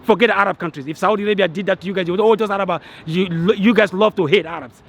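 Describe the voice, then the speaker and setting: A man's voice: high voice, fast, vocal fry, a bit bright. A man ranting in frustration to his vlog audience, annoyed and agitated, stumbling over restarts and repeating himself. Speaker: vlogger. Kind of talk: angry rant to camera.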